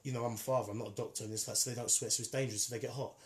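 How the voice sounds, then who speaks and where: A man's voice: mid-range voice, steady tone, racing. Emphatic man arguing his point. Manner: emphatic, argumentative, repeats himself. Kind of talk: casual debate.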